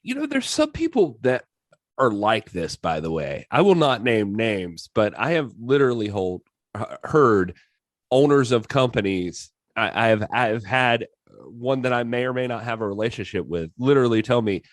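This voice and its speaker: A man's voice: medium pitch, big pitch swings, moderate pace, no room sound, studio quality. A man co-hosting a podcast, chatting casually and swearing freely. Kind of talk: casual chat.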